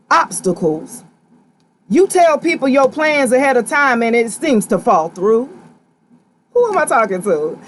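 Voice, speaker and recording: Sassy, lively tarot-reading woman. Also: high-pitched, slight background noise. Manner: sassy, direct, slangy, animated. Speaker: tarot reader. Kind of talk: live tarot reading to viewers.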